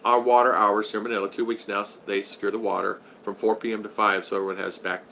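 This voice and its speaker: Bright-voiced man in his 60s. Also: fairly low pitch, level tone, fast, vocal fry, a little hiss or hum. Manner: chatty, reads out and answers viewer comments, friendly teasing. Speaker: host of a live stream. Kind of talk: casual live-stream chat. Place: at home in the Philippines.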